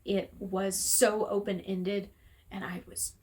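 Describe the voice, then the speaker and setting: A woman's voice: mid-range voice, little pitch movement, takes it slowly, darkish tone. Woman, casual vlog, heated, exasperated, swears freely, room at home. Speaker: book reviewer. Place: room at home with window open.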